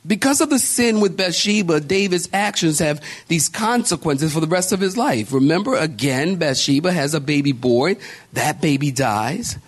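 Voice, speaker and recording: A man preaches a sermon as pastor, emphatic and calling out to his congregation with repeated exhortations. His voice is a little high and expressive, at a moderate pace.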